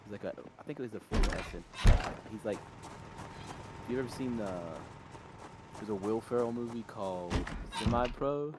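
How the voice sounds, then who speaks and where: A man from North Carolina chats casually at medium pitch and moderate pace, pausing often over heavy background noise. His stories ramble, full of tangents and self-corrections.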